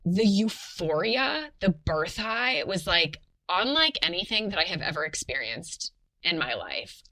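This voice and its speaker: A young woman sharing her birth story on a podcast, animated and full of fillers, laughing often. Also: mid-range voice, normal speed, poor audio. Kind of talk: casual personal storytelling.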